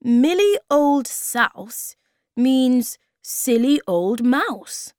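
Woman playing kind clever male creature, calm explaining, slow, dry sound. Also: high voice, no room sound, pitched above the performer's own voice, full character voice. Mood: kindly.

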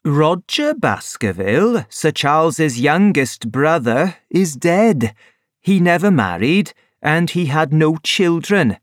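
A man voicing an earnest, eager country doctor in a storybook reading, bright and reassuring. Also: a little high, very animated, slow, dry recording, clean studio sound. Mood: explaining.

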